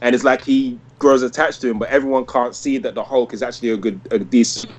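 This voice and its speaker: A man in his thirties chats casually on a podcast, full of enthusiasm. He rambles and restarts often and leans on "like". His voice sits at an ordinary middle pitch. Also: fairly even intonation, fast talker. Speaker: podcast host. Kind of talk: casual podcast review chat.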